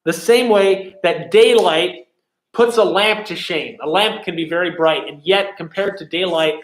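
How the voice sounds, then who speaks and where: Man with a higher voice teaching Shakespeare. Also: unhurried. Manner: explains step by step with many fillers and restarts. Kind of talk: explaining and reciting Shakespeare. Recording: echoey room.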